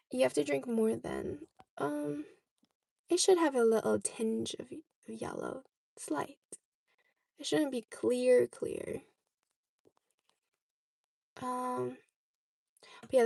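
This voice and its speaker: A woman's voice: a little high, takes it slowly, vocal fry, long pauses, darkish tone, no echo. A young woman vlogger chatting casually, answering viewer questions and often checking in with "okay?". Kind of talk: casual chat.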